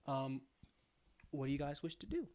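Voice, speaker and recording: A woman's voice: a bass voice, sing-song, moderate pace, warm tone, a little hiss or hum. A woman narrating a tabletop game as game master in a casual, rambling way, full of fillers and frequent laughter.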